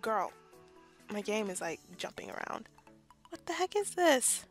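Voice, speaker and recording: A woman's voice: mid-range voice, very animated, measured pace, faint music behind. A young woman casually commenting on her gameplay, chatty and self-deprecating, often laughing. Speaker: gaming YouTuber. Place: bedroom at home.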